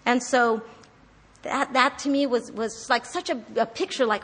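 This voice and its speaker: A woman with a somewhat high voice gives a chatty, earnest devotional talk, often restarting her sentences as she teaches. She reads scripture verses between personal asides. Her voice trails off into a long reverb, as in a large hall. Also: fairly even intonation, unhurried, noisy background. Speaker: Bible study teacher.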